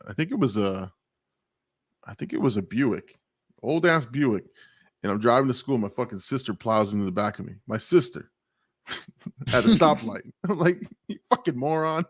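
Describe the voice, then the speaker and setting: A man's voice: medium pitch, very animated, moderate pace, pauses often, slightly rough, no echo, studio quality. A man hosting a live stream, chatting casually, laughing and swearing as he tells stories. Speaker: show host.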